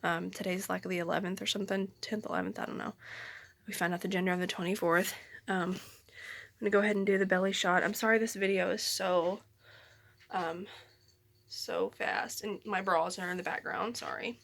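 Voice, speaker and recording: A woman's voice: lowish voice, moderate pace, gravelly, fairly bright tone. A young woman chatting casually in a pregnancy update vlog from her bedroom. She is a little out of breath and talks in a rambling, apologetic way with many ums, filming on a handheld phone. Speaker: vlogger. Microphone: handheld phone camera at arm's length.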